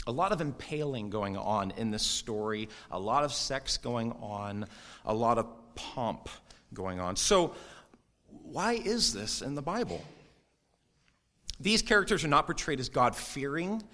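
A man preaching a sermon, animated and conversational, with quick asides and brief mock voices for quoted people. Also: mid-range voice. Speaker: pastor.

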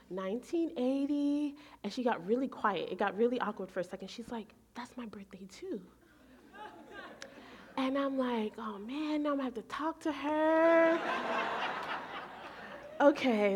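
A woman in her forties preaching, telling a personal story in an animated way and acting out her own thoughts. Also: fairly high pitch, a little hiss or hum. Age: 40s. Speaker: pastor. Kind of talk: sermon storytelling.

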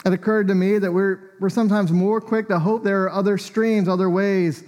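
A man's voice: high-pitched, steady tone, fairly quick, darkish tone. A man preaching a sermon in a conversational, storytelling way, often with a light chuckle.

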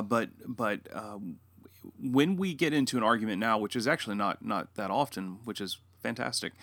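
Man, low voice, dry studio mic, casual podcast talk, storytelling. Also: bright, forceful tone, no room sound. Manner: storytelling, acts out his own past lines with rising pitch. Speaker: podcast co-host.

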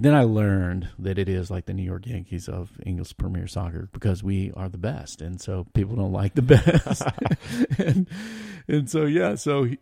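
A man talking as a podcast guest, telling stories in a rambling, animated way with lots of restarts. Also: on the low side, gravelly, no echo, studio quality. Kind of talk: casual storytelling chat.

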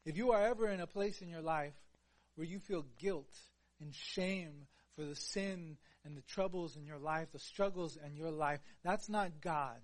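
A man preaching a sermon in an earnest voice, dropping to a hush and then rising to louder, emphatic lines. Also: fairly high pitch, moderate pace. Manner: earnest, swings between soft hushed passages and louder emphatic ones.

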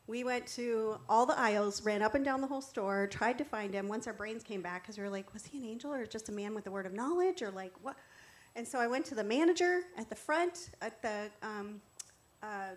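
A middle-aged woman telling a faith testimony in an animated way, acting out the quotes and laughing often. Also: fairly high pitch. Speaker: guest sharing testimony. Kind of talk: storytelling testimony.

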